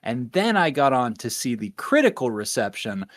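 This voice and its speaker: A man co-hosting a podcast in casual chat, chatty and animated as he tells stories. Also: mid-range voice, moderate pace, dry recording. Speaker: podcast co-host.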